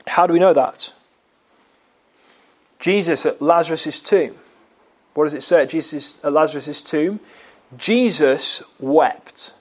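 A man preaching a sermon, asking his listeners questions and answering them himself, and slowing down to stress key words. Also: a little high. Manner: slow, emphatic delivery on key words.

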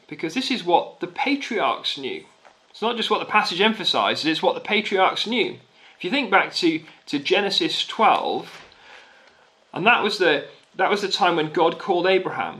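Poor audio captures a man's high, bright, pushed voice as he delivers a sermon. His style is emphatic but chatty: key phrases come back again and again, with frequent restarts and fillers.

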